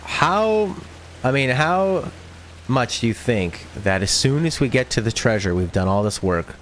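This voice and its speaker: A man's voice: mid-range voice, animated, measured pace, a little hiss or hum. A man streaming a video game, chatting casually, reading viewer comments and joking. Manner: playful, reads chat aloud and jokes. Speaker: let's play streamer.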